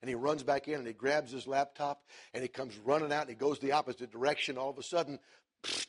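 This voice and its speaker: Husky middle-aged man preaching a story. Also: medium pitch, steady tone, fast. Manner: swings from hushed to loud emphatic preaching. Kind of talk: sermon storytelling.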